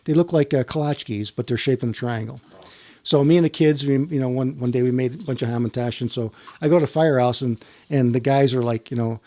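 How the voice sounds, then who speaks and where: A man's voice: medium pitch, fairly quick, dark tone. A man who works as a firefighter, telling a long story in casual chat with many restarts and casual swearing. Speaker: firefighter guest.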